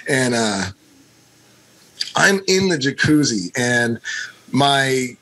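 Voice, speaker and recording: Middle-aged guy podcast cohost, bright voice, rambly and sweary, lots of likes and you knows. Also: mid-range voice, drawn-out words, a little hiss or hum. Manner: animated, profane storyteller with many fillers. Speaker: podcast co-host. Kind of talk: casual storytelling chat.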